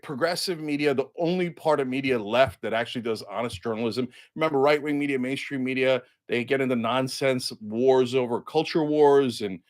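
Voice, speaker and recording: A man giving heated political commentary as a show host, sarcastic and indignant, mocking the people he quotes and hitting key words loud and high.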